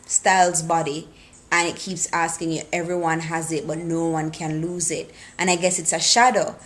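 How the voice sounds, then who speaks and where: A woman talking casually and excitedly into her camera, recapping a TV episode and acting out the characters' lines. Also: low-pitched, moderate pace. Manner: excitable, animated retelling with quoted lines.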